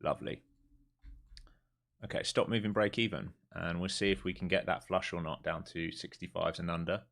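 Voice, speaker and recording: Low-voiced man calling live trades. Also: normal speed, creaky. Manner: running commentary, swinging between mutters and excited bursts. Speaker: live-streaming day trader. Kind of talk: live trading commentary to viewers.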